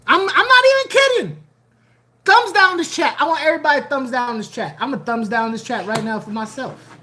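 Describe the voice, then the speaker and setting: This casual aquarium-channel livestream features an animated, joking host with a mid-range voice. Phrases often get repeated as the chat goes on.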